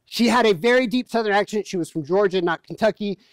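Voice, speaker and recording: A male pastor delivers a sermon in a relaxed, joking, storytelling manner. His voice sits high for a man. The sound is dry and close, with little room echo. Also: fast. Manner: conversational, humorous storytelling. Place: church.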